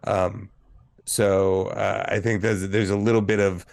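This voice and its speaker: A man's voice: on the low side, flat delivery, measured pace, vocal fry, darkish tone. A man in a casual film review chat who talks hesitantly, restarting his sentences and laughing along. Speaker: podcast co-host.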